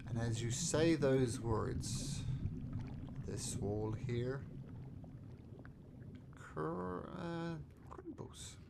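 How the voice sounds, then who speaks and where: A man running a tabletop game as game master, narrating in a relaxed way with fillers. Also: medium pitch, drawn-out words, creaky, pauses often, background noise.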